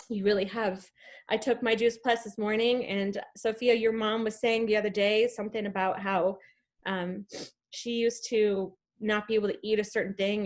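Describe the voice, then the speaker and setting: A woman in her thirties giving an enthusiastic, rambling motivational talk over a video call, full of fillers and restarts. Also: medium pitch. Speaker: guest speaker.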